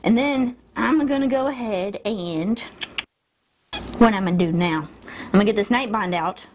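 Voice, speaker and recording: A woman in a relaxed home tutorial, talking through each step while she works close to a mirror. She often breaks off her sentences, corrects herself and laughs at her slips. A faint hiss sits under her mid-pitched voice. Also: normal speed. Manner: chatty, self-interrupting, laughs at herself. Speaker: beauty vlogger. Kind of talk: casual tutorial chat. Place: indoors at a mirror.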